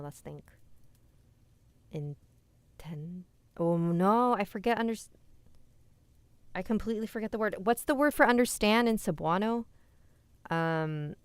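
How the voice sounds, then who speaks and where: A woman's voice: low voice, gravelly, clear, resonant tone, no echo. A young woman hosting a live stream where she reads scary stories and then chats casually with viewers, laughing easily. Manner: casual, chatty and easily amused while answering chat. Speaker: host reading scary stories. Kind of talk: live-stream story reading and chat replies. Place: indoors.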